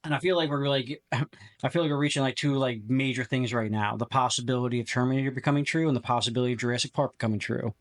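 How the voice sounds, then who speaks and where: A young man hosting a casual podcast, quick to laugh and joke along with his guest. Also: medium pitch. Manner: laughing, playful, jumps into silly mock voices. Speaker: podcast host.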